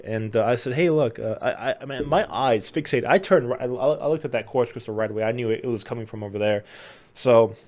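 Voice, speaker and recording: A man's voice: mid-range voice, a little mellow. A man hosting his own video, telling a personal story in a casual, earnest, conversational way. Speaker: host.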